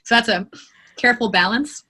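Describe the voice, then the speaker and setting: A woman who narrates audiobooks, answering interview questions in an expressive, animated way. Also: fairly high pitch, a little fast, breathy edge.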